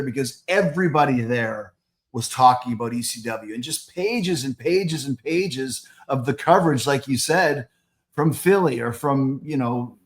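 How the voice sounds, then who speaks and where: A middle-aged man hosting a podcast interview in a loose, chatty way, full of fillers. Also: medium pitch. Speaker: podcast host. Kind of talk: casual interview chat.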